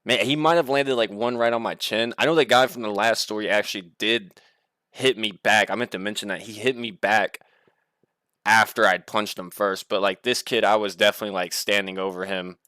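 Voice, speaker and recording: A man's voice: on the low side, fairly even intonation, fairly quick, sharp tone, clean tone, dry recording, studio quality. A young man telling a story casually as a vlogger, rambling and swearing freely. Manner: rambling, profane, laughs while telling.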